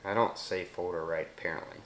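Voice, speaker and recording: A fairly low-voiced man with a Southern US accent walks through a phone app in a relaxed, explanatory way. He pauses to say voice commands slowly and deliberately. The recording has a roomy echo. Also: a little hiss or hum. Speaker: app demonstrator. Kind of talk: casual screen demo narration.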